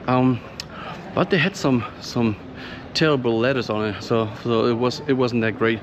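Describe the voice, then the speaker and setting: A German man with a German accent vlogging casually while he walks a square and a church, rambling with fillers and speaking hushed inside. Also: medium pitch, normal speed. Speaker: travel vlogger. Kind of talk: casual walking vlog. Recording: muffled, noisy background.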